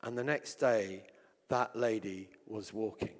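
An English man preaching a sermon and telling healing stories, swinging between loud exclamations and hushed asides. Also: lowish voice, unhurried. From England. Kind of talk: sermon with storytelling. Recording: long reverb from a large hall.

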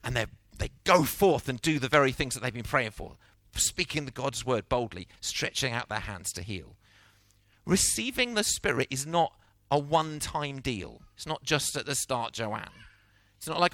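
Animated man preaching. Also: mid-range voice, normal speed, dry recording. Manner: animated storytelling, acting out quotes. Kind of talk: sermon.

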